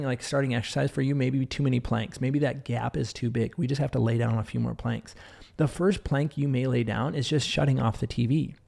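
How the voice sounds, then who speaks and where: A man with a gravelly, dark voice delivers a blunt motivational podcast monologue. He talks like a doctor scolding his listeners, repeating his points for emphasis. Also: medium pitch.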